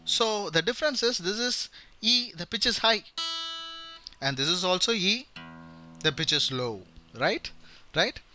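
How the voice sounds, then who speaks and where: Lively Indian-accented man teaching. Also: measured pace, long pauses. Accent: Indian English. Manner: animated, repeats with "right?" and "okay?", demonstrates high and low voice. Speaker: engineering lecturer. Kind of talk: informal video lesson. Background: guitar playing.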